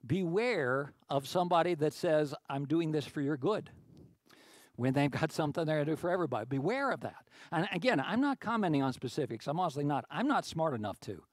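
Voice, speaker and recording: A man's voice: fairly high pitch, animated, a little fast, dry recording. A man preaching a sermon as pastor, talking in a conversational way with many restarts and climbing to emphatic peaks.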